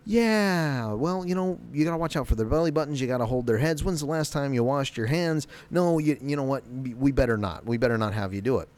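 A man's voice: mid-range voice, lively intonation, a little mellow, voice pushed up, natural voice. A man doing Vision as a fussy, fretting new dad. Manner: hurried, fretting, rattling off warnings. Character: fussy anxious new father, android.

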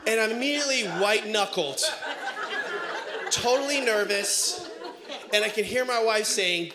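A middle-aged man preaching a sermon as pastor, telling family stories in an animated way with bursts of shouting. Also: sits high, a little slow, long pauses, a crowd in the background. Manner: animated storytelling, breaks into shouts and laughter. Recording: echoey room.

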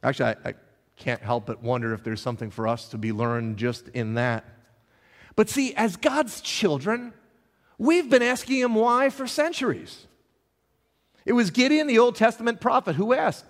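A middle-aged man, a pastor, preaching a sermon with passion, stumbling over repeated words and swinging between loud and soft. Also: high-pitched, lively intonation, normal speed. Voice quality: impassioned, with dramatic swings in loudness and repeated words. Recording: long hall reverb.

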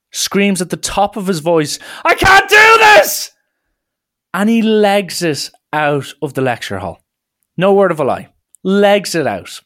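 Chatty young man telling stories. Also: a little high. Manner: lively, chatty, lots of "like" fillers. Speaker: storyteller. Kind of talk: casual anecdote telling.

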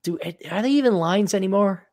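A fairly high-voiced American man chatting on a podcast. His pitch swings widely as he jokes and riffs, quick asides tumbling out in a loose, animated flow. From United States. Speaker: podcast host. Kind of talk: casual chat.

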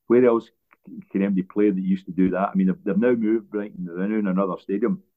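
Scottish man, deep voice, former footballer, rambling stories, restarts, phone-quality audio. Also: fairly even intonation, quick pace. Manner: rambling anecdotes with frequent restarts. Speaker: interview guest, former footballer. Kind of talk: relaxed storytelling interview. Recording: tinny phone-like line.

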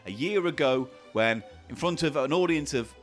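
A man, co-hosting a comedy podcast with deadpan banter. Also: mid-range voice, moderate pace, faint music behind. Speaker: podcast co-host.

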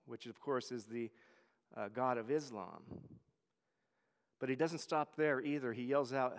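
A man's voice: mid-range voice, normal speed, in a large hall. A man serving as a church elder, preaching a conversational sermon and often repeating words as he goes. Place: church hall.

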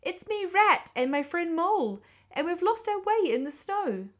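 Female reader voicing a high squeaky little rat, cries out, eager and pleading. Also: sing-song, a little slow, heavily acted. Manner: crying out, pleading. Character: small eager male water rat, pleading.

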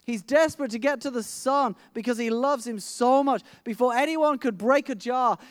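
A man's voice: extremely high pitch, normal speed, no room sound, studio quality. A middle-aged man preaching a sermon, telling a vivid personal story with frequent restarts.

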